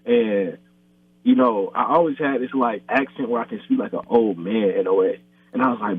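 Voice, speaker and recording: A man's voice: fairly low pitch, normal speed. A young man and YouTuber, chatting loosely in an interview, filling his talk with "like" and "bro". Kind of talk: casual interview chat. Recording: thin phone-line sound, husky and dry.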